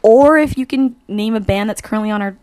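A woman's voice: mid-range voice, fairly quick, darkish tone. A young woman co-hosting a campus radio show in the studio, playful and teasing in casual chat.

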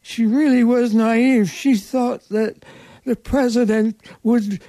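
A woman's voice: fairly high pitch, fairly even intonation, slow, mellow, no echo. An older woman recalling the past in an interview, earnest and emphatic. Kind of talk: reminiscing interview.

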